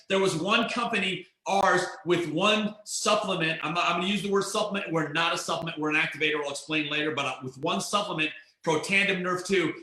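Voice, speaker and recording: A man giving an excited, emphatic network marketing pitch on a webinar, often repeating himself. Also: reverberant, rough recording. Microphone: computer mic on a webinar.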